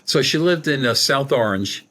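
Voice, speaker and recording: Brief: middle-aged male medium guest, colloquial rambling storyteller, mid-pitched. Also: lively intonation, moderate pace, a bit bright. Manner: rambling, colloquial, acts out quoted dialogue. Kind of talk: conversational storytelling.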